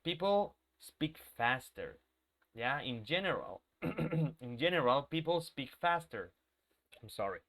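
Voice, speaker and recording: A man's voice: medium pitch, very animated, takes it slowly, fairly bright tone. A male English teacher with a sore throat, leading a live online class and patiently checking in with students. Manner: patient, checks in with students, repeats key points.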